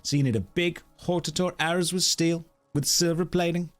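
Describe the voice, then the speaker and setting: A man's voice: a little high, steady tone, normal speed, lightly acted. A man voicing a rambling mad old noblewoman in a blustering politician-style impression, repeating himself, for a game. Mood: rambling, boastful.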